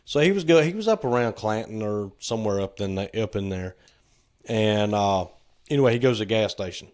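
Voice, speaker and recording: A man's voice: lowish voice, expressive, a little fast, darkish tone. A man, co-hosting a casual podcast, spins a yarn at an easygoing pace. He chuckles along and slips into the voices of the people in his story. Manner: laid-back, chuckling, acts out quotes. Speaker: podcast co-host.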